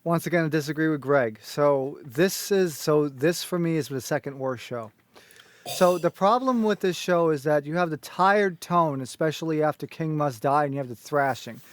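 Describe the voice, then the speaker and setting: A high-pitched man rattles off a long list of complaints, cursing as he goes. His voice sounds close and dry, with no room around it. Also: no room sound. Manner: rapid, blunt, swears constantly. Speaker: panelist ranking concert recordings. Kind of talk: profane critical rant.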